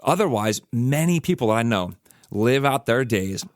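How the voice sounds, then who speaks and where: A man's voice: medium pitch, lively intonation, moderate pace. A man hosting a reflective podcast, telling a story casually with lots of "like" and "you know". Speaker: podcast host.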